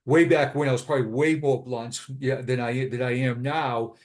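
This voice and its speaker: A man's voice: mid-range voice, steady tone, normal speed. A blunt man in his fifties with a Boston accent, telling his story as a retired police sergeant in a casual interview. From Boston, USA. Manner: blunt, frank.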